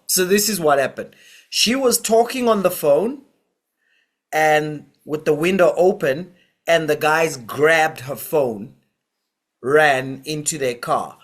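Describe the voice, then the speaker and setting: Casting note: male vlogger, higher voice, unhurried delivery, casual storyteller who acts out quotes. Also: fairly bright tone. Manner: retells events with quoted voices and asides.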